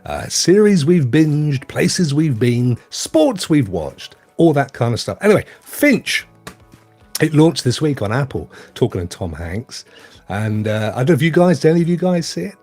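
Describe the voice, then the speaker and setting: A man's voice: mid-range voice, big pitch swings, dark tone, faint music behind. Middle-aged man hosting a chat. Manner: chatty, drawn-out and easygoing, with fillers. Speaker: host. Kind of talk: casual podcast chat.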